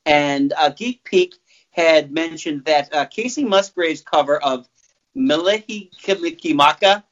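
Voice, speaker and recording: A man hosts a podcast in casual chat. His voice sits a little high, and he rambles and jokes with plenty of fillers. The recording is muffled and lo-fi. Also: unhurried, fairly bright tone. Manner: rambling, loose and jokey, with many fillers. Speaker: podcast host. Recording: muffled lo-fi sound.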